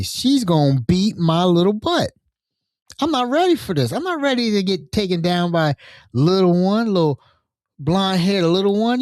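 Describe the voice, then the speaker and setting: A man hosting a podcast, telling a work story in a casual, animated way and acting out the other people in it. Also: high voice, no room sound. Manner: animated, acts out quoted voices. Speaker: podcast host.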